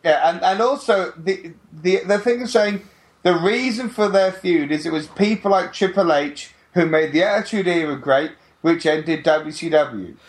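A man's voice: sits high, moderate pace. A man co-hosting a casual wrestling chat, blunt and mocking, who swears now and then. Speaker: podcast co-host.

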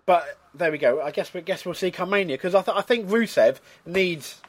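A man's voice: high voice, normal speed. A man co-hosting a casual wrestling chat, hesitant, stumbling over his words as he weighs his opinions. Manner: hesitant, many fillers and restarts. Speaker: podcast co-host.

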